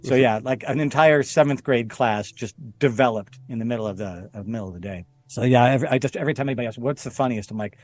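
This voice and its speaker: A former stuntman appears as a guest on a podcast, telling a story in a relaxed chat. His voice sits at medium pitch and moves fast with hardly any pauses, and he's animated, laughing often and jumping into the voices of the people he quotes.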